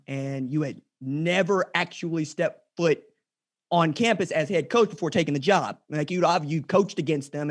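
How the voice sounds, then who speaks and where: Male podcast host, fairly high voice, asks questions after long setups. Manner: long, winding setups before asking the question. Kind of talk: interview questions.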